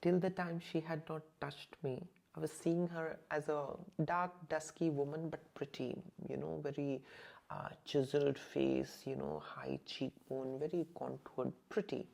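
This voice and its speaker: Woman, low voice with gravelly fry, hesitant storyteller full of fillers, slips into near-whispers. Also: steady tone, unhurried, warm tone. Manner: hesitant, many "you know" fillers, drops to near-whisper at intense moments. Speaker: channel host recounting a personal experience. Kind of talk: emotional first-person storytelling.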